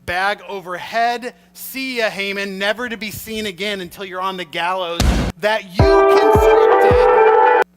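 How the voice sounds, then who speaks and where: A man's voice: high-pitched, sing-song, unhurried, over loud music, pitched above the performer's own voice. A man voicing a brusque male guard who mockingly drags a prisoner away.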